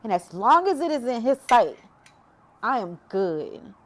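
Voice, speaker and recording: A woman's voice: fairly high pitch, big pitch swings, measured pace. Emotional woman giving testimony. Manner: emotional, preachy, addresses viewers as y'all. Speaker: faith vlogger. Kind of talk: personal testimony talk.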